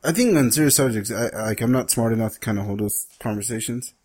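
A man's voice: medium pitch, fast, a little mellow. A man co-hosting a podcast in crude casual banter, swearing freely, poking fun at himself and laughing often, in a small room. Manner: profane, self-deprecating, laughs often. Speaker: podcast co-host.

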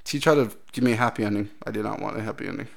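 A man's voice: fairly low pitch, racing, creaky. Man, crude storyteller, laughs a lot, acts out quotes, podcast chat. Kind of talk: casual chat.

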